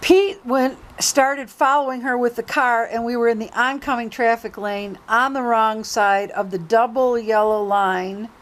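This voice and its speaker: A woman's voice: fairly high pitch, fairly even intonation, measured pace, hardly any pauses, rough recording. A woman vlogger telling a story casually and retelling quoted dialogue in her own talk.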